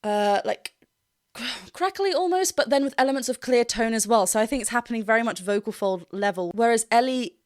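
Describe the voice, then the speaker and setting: A woman's voice: on the high side, quick pace, hardly any pauses, no echo, studio quality. A woman vocal coach giving an enthusiastic analysis in a reaction video, often laughing and breaking into short sung demonstrations. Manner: laughs often while explaining.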